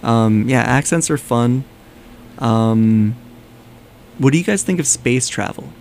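Creaky-voiced male radio host. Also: mid-range voice, takes it slowly, slight background noise. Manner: relaxed, stumbling, asks the questions. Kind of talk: casual studio chat. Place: college radio studio.

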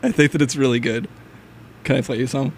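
A young man hosting a college radio show, chatting in a relaxed, rambling way with plenty of fillers. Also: medium pitch, fairly quick, a little hiss or hum. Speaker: radio host. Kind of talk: casual college radio chat. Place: radio studio.

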